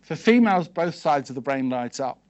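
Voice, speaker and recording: A man giving a seminar talk to a live audience, asking them quick questions and checking in with "okay" and "yes?" as he goes. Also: a little high, expressive, a little mellow, highs cut off. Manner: conversational, peppered with "okay" and "yes?". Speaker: seminar speaker.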